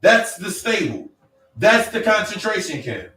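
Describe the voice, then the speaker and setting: A man's voice: sits high, very animated, a little slow, sharp tone, a little hiss or hum. A man giving a blunt, profane motivational monologue, hammering his points with repeated phrases. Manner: blunt, profane, repetitive preaching cadence. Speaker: self-help speaker. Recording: echoey room, distant mic, faint music.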